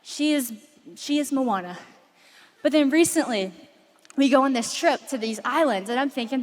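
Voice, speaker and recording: A woman delivers a passionate sermon, her high voice carrying stories and then easing into soft, intense appeals. She is speaking to thousands in a vast arena, and a long reverb trails behind every phrase. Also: moderate pace, pauses often. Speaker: preacher. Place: large arena before thousands.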